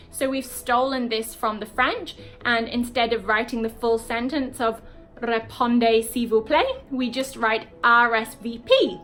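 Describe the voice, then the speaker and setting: A young British woman with a British accent teaching English in a chatty way, with frequent "um" and "okay" and slow demonstrations of words. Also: a little high, sharp tone. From Britain. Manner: chatty, frequent ums and okays, slow deliberate word demos. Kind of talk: online English lesson.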